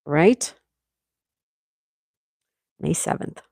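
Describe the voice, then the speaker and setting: A woman's voice: extremely slow, a little mellow, dry recording. Woman in her 60s from New York State, livestream host, chatty, reads comments aloud, dry close sound. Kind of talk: casual live chat reading comments.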